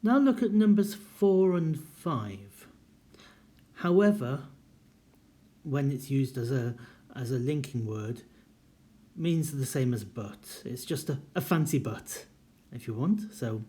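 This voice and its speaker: A man's voice: mid-range voice, lively intonation, warm tone. Man giving a careful writing lecture. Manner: clear, deliberate, reads examples aloud with marked intonation. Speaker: university writing teacher. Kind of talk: recorded lecture.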